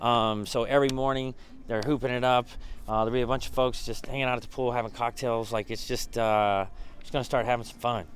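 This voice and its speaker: A man's voice: mid-range voice, steady tone, fairly quick, a little hiss or hum. A man who leads a business mastermind group, giving a casual behind-the-scenes recap, with lots of fillers and restarts.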